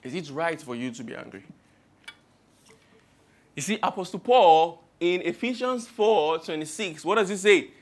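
A man with a Nigerian accent delivers a sermon in a high-pitched voice. He preaches with humor and rhetorical flair, stacking up long spoken lists. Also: animated, moderate pace, long pauses.

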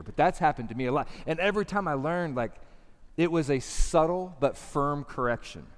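A man's voice: mid-range voice, big-room sound. A man giving a sermon as pastor, talking to the congregation in a conversational, emphatic way with many rhetorical questions. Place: church hall.

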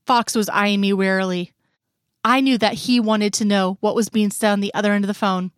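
A woman reads a story aloud in a steady, measured way, her voice at a medium height. The recording is dry and close, with no room echo. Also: mid-range voice, smooth. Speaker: reader. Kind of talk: scripted narration of a story.

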